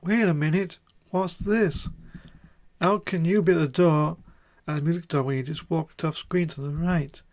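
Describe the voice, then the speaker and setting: A man streaming a video game live, reading its text aloud and thinking out loud in a halting way. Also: fairly high pitch, fairly even intonation.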